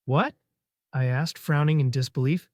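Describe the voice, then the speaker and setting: A man reading a first-person story aloud, delivering teasing dialogue briskly. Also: medium pitch, expressive, no echo, clean studio sound.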